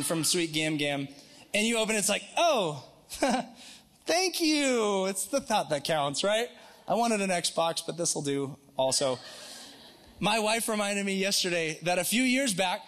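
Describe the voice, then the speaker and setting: A man preaching a sermon to his congregation in a casual, joking, animated way. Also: high voice. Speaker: pastor. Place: church in Northwest Montana.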